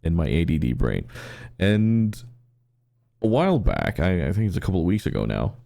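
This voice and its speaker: A man co-hosting a podcast who tells stories in a casual, animated way and often restarts his sentences. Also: deep voice, normal speed, creaky. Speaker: podcast co-host.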